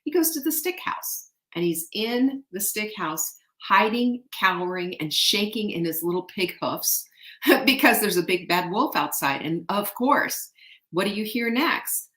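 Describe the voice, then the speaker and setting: Host lady retelling a folk tale, chatty, lots of guess what, average pitch, echoey room. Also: unhurried. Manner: animated, chatty, keeps asking the audience guess what. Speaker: show host.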